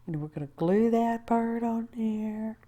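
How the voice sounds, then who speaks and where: A woman's voice: a little high, a little slow, warm tone. A woman, chatting her way through a crafting tutorial, rambling with asides and talking to herself as she works. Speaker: craft video host. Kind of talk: casual crafting tutorial narration.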